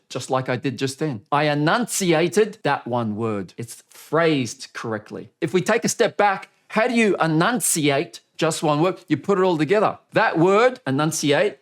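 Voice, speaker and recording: A man teaching on-camera speaking as a coach, energetic and demonstrative, often shifting his loudness, pace and pitch to show what he means. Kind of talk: coaching video lesson.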